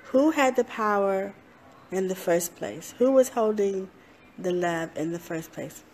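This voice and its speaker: A woman's voice: medium pitch, expressive, a little mellow. A woman life coach giving a motivational talk, earnest and repetitive, breaking into laughs now and then. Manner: slow, repetitive, earnest, with laughs and playful self-talk voices.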